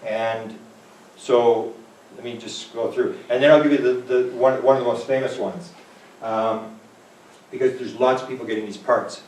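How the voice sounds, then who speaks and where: Telling stories in a loose, chatty talk, this Manitoba man voices the characters himself. He has a slightly mellow mid-range voice with fairly even intonation and normal speed. The venue room recording is distant and roomy, with faint noise behind him.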